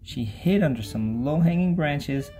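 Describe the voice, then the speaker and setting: A narrator reading a children's bedtime story aloud with lively, expressive storytelling. The voice sits in a middle pitch, with soft music faintly underneath. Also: unhurried.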